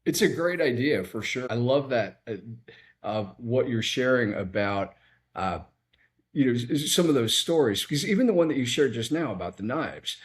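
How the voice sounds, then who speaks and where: Man hosting a relaxed interview. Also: mid-range voice, normal speed. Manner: reflective, builds on the guest's stories with his own example. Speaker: interview host. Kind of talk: casual interview.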